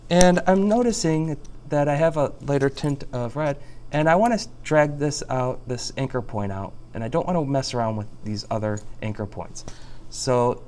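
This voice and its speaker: A man teaching a software tutorial over a screen recording, chatty and jokey, talking through each click. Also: medium pitch, slight background noise.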